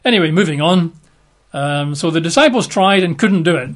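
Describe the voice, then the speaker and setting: A man's voice: on the high side, animated, normal speed. A middle-aged man teaching from the Bible in a chatty, hesitant way, full of fillers. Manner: chatty and hesitant, many fillers and 'sort of'. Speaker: preacher.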